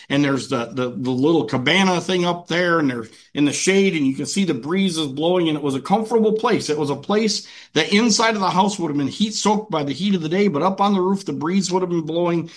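A man preaching a conversational sermon as pastor, telling the passage in a folksy way with frequent restarts. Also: on the high side. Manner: folksy, repeats and restarts words.

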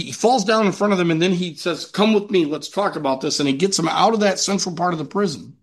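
A man preaching a sermon to a congregation, earnest, asking and answering his own questions and slowing down to read scripture aloud. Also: high voice. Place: church meeting room with a congregation.

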